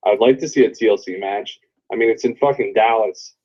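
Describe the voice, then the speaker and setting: A man's voice: on the low side, a little fast, a little mellow, muffled recording. A man co-hosting a casual wrestling podcast, blunt and swearing freely. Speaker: podcast co-host.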